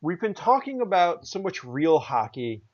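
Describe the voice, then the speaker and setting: A man's voice: on the high side, very animated, normal speed. A man co-hosting a podcast, telling anecdotes in casual chat with many restarts. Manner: rambling, frequent restarts and fillers. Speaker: podcast co-host. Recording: slightly dull lo-fi audio.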